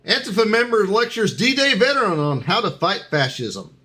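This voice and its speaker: A man's voice: sits high, very animated, normal speed, pushed and bright. Playful man hosting a headline game. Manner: playful, announcer-like, stumbles over headlines. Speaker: game host on a live talk show. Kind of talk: casual live show chat.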